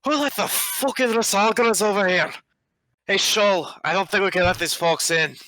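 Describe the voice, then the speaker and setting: A man's voice: mid-range voice, measured pace, bright, forceful tone, clean tone, no echo, low-quality recording. A man voicing a short-tempered male dwarf official who swears and speaks with a put-on accent. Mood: hostile.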